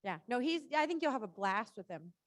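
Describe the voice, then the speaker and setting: A woman's voice: fairly high pitch, big pitch swings, brisk, no room sound. A woman riding instructor coaching a rider through a live lesson, chatty and encouraging, often saying "right?" and "good".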